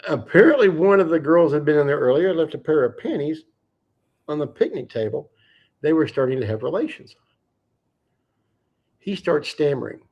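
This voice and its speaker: A fairly high-pitched man spins a long fishing yarn on his livestream. He is casual and salty, and he swears freely as he goes. He tells it with lively energy. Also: normal speed, long pauses, lo-fi sound. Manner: animated, profane anecdote-telling. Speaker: livestream host. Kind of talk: casual storytelling.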